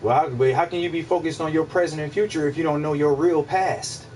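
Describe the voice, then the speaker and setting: A man hosting a casual livestream, musing out loud in a rambling, profane way, repeating himself and answering his chat. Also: a little high, fairly quick, recorded from a distance, a little hiss or hum, low-quality recording. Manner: rambling, profane, repeats himself, asks listeners if they follow. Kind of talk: casual philosophical monologue.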